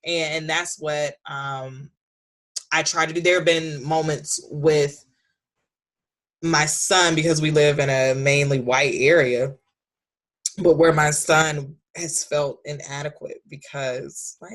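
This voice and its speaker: A woman in her thirties, a podcast guest, talking candidly about raising her son, animated and leaping high when she quotes him. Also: measured pace. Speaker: podcast guest, author and speaker. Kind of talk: candid conversational storytelling.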